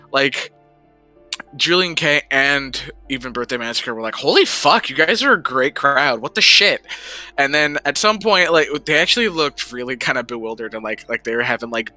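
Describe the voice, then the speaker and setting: Bright-voiced man rambling casually. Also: medium pitch, moderate pace, soft background music. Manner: rambling, chatty, swears freely. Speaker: livestreamer. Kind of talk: casual chat.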